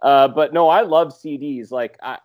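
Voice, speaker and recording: A man's voice: fairly high pitch, normal speed, phone-quality sound. A man co-hosting a podcast in casual chat, rambling and hesitating with frequent "uh"s. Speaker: podcast co-host.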